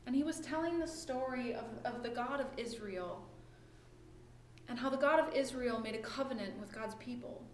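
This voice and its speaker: Woman pastor, casual storytelling sermon, higher voice, roomy echo with faint background hum. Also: moderate pace. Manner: conversational, asks "right?" often. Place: church or home during lockdown worship. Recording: echoey room with faint ambience.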